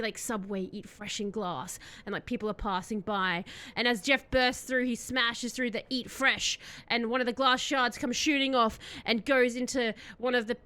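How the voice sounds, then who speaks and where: A woman's voice: on the high side, bright, forceful tone, clear, resonant tone. A woman streamer chatting casually and telling a rambling story, giggling often.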